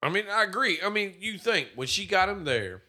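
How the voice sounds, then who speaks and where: Animated, swearing man riffing on a movie. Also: high voice, brisk. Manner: profane, animated, mocking. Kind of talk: casual movie review chat.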